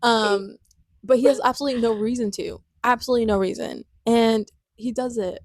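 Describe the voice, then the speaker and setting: An enthusiastic woman with a higher voice co-hosts a chatty podcast. She is emphatic and repeats phrases to stress them, recorded close and dry. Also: a little fast, no room sound. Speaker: podcast co-host. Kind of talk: casual fan podcast chat.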